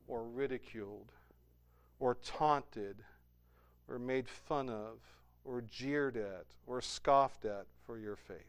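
A man preaching a sermon, building to emphatic high peaks and then dropping into soft, low endings. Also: clean tone.

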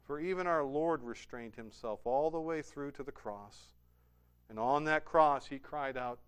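A man preaching a sermon, building to emphatic high peaks and then dropping into soft, low endings. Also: measured pace, smooth.

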